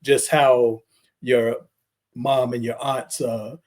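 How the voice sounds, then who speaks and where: A man hosting a podcast, telling a story in an easygoing, steady way with light fillers before asking his guest a question. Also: medium pitch, takes it slowly. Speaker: podcast host. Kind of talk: casual interview talk.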